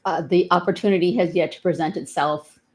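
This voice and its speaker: Low-voiced woman, wry and articulate. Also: fairly even intonation, brisk. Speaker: guest, protest drummer. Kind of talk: casual live-stream chat.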